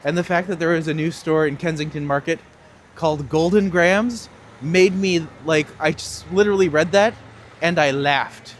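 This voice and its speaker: A man's voice: a little high, moderate pace, slight background noise. Joking man on a walking tour. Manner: casual, joking, reads out and answers chat questions. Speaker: tour guide. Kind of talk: live-streamed walking tour chat. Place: outdoors on cold city streets.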